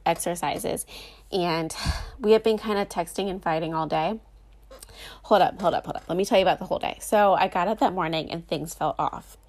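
Young woman, slightly low voice, chatty storytelling, lots of fillers, dramatic retelling. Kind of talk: casual storytelling.

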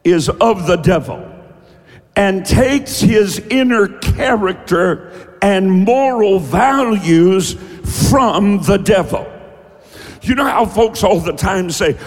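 A man preaching a sermon, emphatic and folksy, often breaking into shouts. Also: high-pitched, lively intonation, slow pace, big-room sound, faint music behind. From rural American South. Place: church.

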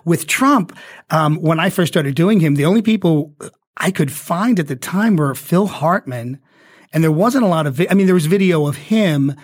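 A man, an actor and impressionist, chatting animatedly as a radio guest, with a slight speech impediment. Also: on the high side. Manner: animated, acts out voices, quick asides. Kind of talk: casual chat.

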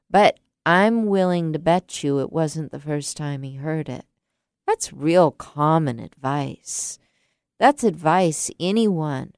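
Slow, soft-spoken woman with low voice. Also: dry recording, studio quality. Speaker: teacher. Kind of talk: reflective personal storytelling.

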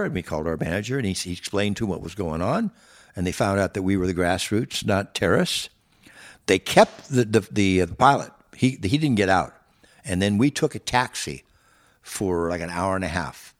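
A man's voice: sits low, expressive, normal speed. Older man telling rambling band stories. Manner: rambling, with restarts and acted-out quotes. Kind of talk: casual storytelling.

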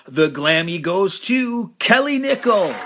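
Playful American podcast host, lively pitch. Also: male voice, takes it slowly, background noise. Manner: playful, upbeat announcer. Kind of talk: award show announcing.

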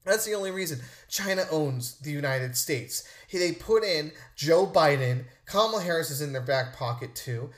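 A man's voice: on the high side, lively intonation, moderate pace, hardly any pauses, a bit bright. A man hosting a podcast, ranting indignantly and mimicking others in mocking voices. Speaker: podcast host. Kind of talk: opinion rant monologue.

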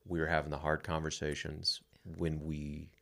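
A man's voice: very deep voice, little pitch movement, normal speed, gravelly, fairly bright tone. A man co-hosting a relationship podcast, talking candidly and bluntly about his own feelings and swearing casually. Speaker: podcast co-host.

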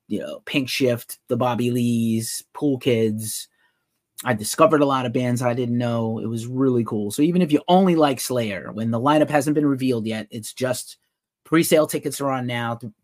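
With a mid-range voice in a dry, clean studio recording, a man hosts a live podcast covering rock and metal news. His casual chat is loose and rambling, and he reads viewer comments aloud and reacts to them as he goes.

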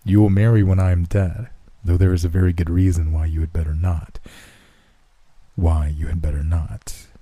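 A man voicing a dying old nobleman who speaks slowly and menacingly, gloating with a sinister, lowered voice. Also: level tone, warm tone, dry recording. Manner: slow, lowered, menacing delivery.

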